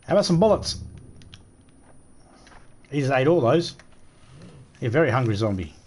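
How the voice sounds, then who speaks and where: An Australian man commentating a live game stream in a crude, joking way, trash-talking enemies, his voice still rough after losing it recently. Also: mid-range voice, very animated, moderate pace, a little mellow, a little hiss or hum.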